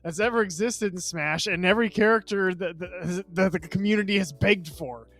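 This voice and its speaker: 爱笑的男播客主持. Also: male voice, high voice, normal speed, fairly bright tone. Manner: rambling, enthusiastic, laughs often. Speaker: podcast co-host. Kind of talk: casual gaming chat.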